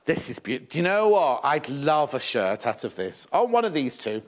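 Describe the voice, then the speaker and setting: Chatty, lively male shopping presenter. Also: medium pitch, moderate pace. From England. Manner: chatty, fussing aloud, reading out viewer messages. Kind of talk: live sewing shopping TV chat. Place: TV studio.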